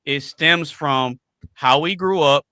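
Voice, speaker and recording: A man on a podcast panel making his case in casual talk, with a very bright, ringing tone and a slightly raised pitch. He repeats phrases for emphasis, and his voice sounds close and dry, with no room around it. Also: slow pace, dry recording.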